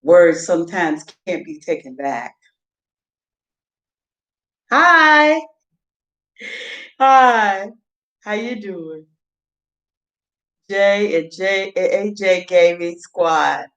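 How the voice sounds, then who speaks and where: A woman's voice: on the low side, slow, highs cut off. A woman chatting loosely to viewers in a casual livestream, rambling from topic to topic and laughing often. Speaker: vlogger.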